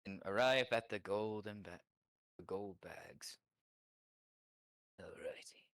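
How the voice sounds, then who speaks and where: Man, tabletop player, slow drawl, bright tone, playful mock-Spanish swagger, dry close sound. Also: lowish voice, dry recording. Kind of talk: playing a masked hero in a tabletop game.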